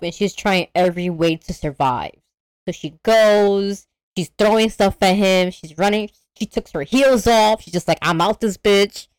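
A woman co-hosting a podcast, recapping a horror movie in an animated, profane way and acting out the characters' lines. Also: mid-range voice, clean tone, no echo. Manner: animated storyteller, acts out characters, swears freely. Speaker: podcast co-host. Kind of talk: casual movie recap chat.

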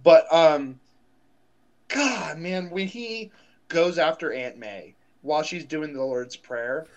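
A young man co-hosting a casual chat, animated and slangy with lots of fillers. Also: fairly high pitch, slow, highs cut off. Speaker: podcast co-host.

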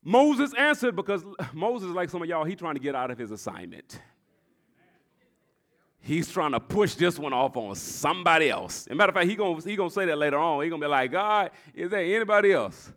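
Male pastor, sermon in church: high, brassy voice, rhythmic repetition, swells to shouts. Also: expressive, brisk. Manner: storytelling preacher, repeats phrases, swells to shouts.

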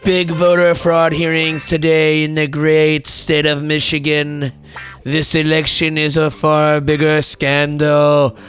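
A man doing an impression of a blustering older male politician, reading out posts slowly and with repetitive emphasis. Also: fairly high pitch, monotone, fairly bright tone, soft background music. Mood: worked up. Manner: slow, emphatic, repetitive boasting.

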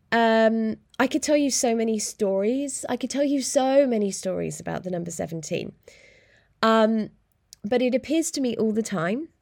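A young woman hosting a solo podcast, chatting in an animated way and laughing often, talking from a small room. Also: medium pitch, vocal fry, dry recording, clean studio sound. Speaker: podcast host. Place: small room in hospital accommodation.

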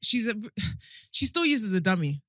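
A woman chatting casually about her daughter, quick and expressive, often laughing. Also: mid-range voice, dry recording, clean studio sound. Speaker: mother in a group chat. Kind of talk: casual chat.

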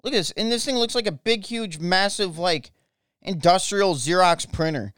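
An American man rants on his podcast, swearing hard and tripping over his own words as he goes. His voice is smooth and resonant, recorded dry and close with no room sound. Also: high voice, normal speed, fairly bright tone, no echo. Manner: angry, profane, repeats himself. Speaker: podcast host. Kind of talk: ranting political podcast monologue.

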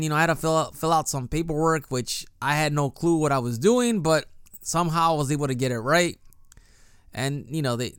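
Chatty man with a smooth, dry voice. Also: a little high, fairly bright tone, no room sound. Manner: chatty storytelling with frequent restarts and "you know". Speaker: podcast host. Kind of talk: casual solo podcast monologue. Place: lives in Japan.

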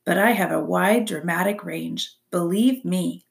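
In a storybook reading, a woman voices a chatty, theatrical female opossum who loves to perform. Her voice is fairly low, a little slow, and gravelly, yet bright, gushing, and theatrical.

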